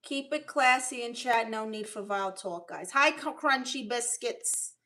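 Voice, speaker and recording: A woman comedian chatting casually on a livestream from home, joking and reading out viewer comments in an expressive way. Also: fairly high pitch, unhurried. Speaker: comedian streamer.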